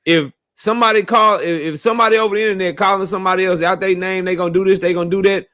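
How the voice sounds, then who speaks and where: A man's voice: high-pitched, fairly even intonation, very fast, sharp tone. A man giving emphatic, slangy opinions on boxing in a casual debate. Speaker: boxing commentator.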